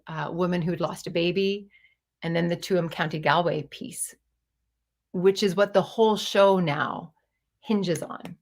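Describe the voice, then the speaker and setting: A woman in her fifties telling a personal story in a candid, digressive way, swearing casually as she goes. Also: fairly low pitch. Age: 50s. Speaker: storyteller and playwright.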